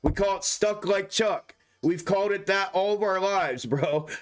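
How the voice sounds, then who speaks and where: A man's voice: sits high, a little slow. A young man live streaming, rambling casually with heavy slang and lots of swearing. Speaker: stock market live streamer.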